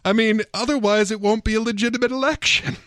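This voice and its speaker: A man's voice: high voice, steady tone, fast, fairly bright tone, dry recording, studio quality. A man co-hosting a talk radio show, joking sarcastically and reading passages aloud. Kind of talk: casual radio banter, reading quotes aloud.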